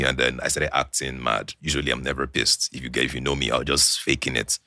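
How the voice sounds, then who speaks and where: A man's voice: very deep voice, quick pace, few pauses, no room sound, studio quality. A young Nigerian man with a Nigerian English accent, a podcast guest telling a personal story in casual chat, acting out the quoted dialogue. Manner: animated storyteller who acts out quoted dialogue.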